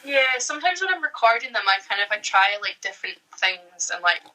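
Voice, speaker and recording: A woman actress, a podcast guest, talking casually and relaxed with many "like"s and easy laughs. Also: medium pitch, fairly quick, low-quality recording. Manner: relaxed, laughs easily, hedging with "like". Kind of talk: casual interview chat.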